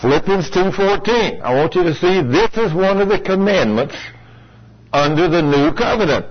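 A man's voice: high-pitched, animated, moderate pace, lo-fi sound. A man preaching a sermon in a folksy, conversational way, asking his listeners questions.

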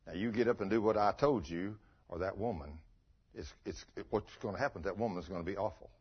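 Low, commanding divine voice, as a husky preacher puts it on, dull lo-fi sound. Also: male voice, fast. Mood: solemn, commanding. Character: voice of God, calm, low, commanding. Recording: dull lo-fi recording.

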